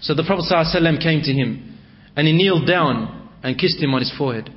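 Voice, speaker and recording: A man's voice: fairly high pitch, rapid-fire. A man telling a religious story in a dramatic, emotive way, dropping in Arabic phrases, on a dull lo-fi recording.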